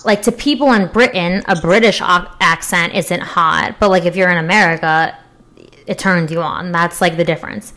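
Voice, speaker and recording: A woman's voice: on the low side, normal speed, pushed and bright. Chatty young woman, frank and joking. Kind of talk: casual crude chat.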